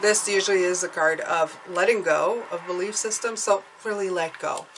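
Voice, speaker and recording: Woman doing a tarot reading, talky and upbeat, keeps saying okay, goes soft and hushed now and then. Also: fairly low pitch, moderate pace, far from the mic, slight background noise, low-quality recording. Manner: chatty and encouraging, often adding "okay?". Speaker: tarot reader. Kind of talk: intuitive tarot reading to viewers.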